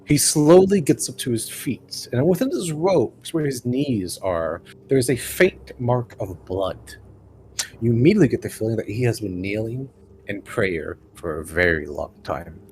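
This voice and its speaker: A man narrating as game master in a tabletop game, describing scenes slowly with fillers. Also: medium pitch, animated, darkish tone, a little hiss or hum.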